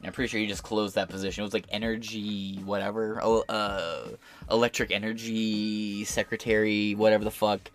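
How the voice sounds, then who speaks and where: A man's voice: on the low side, flat delivery, normal speed, faint music behind. A man hosting a podcast, giving crude, sarcastic live-stream commentary. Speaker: podcast host.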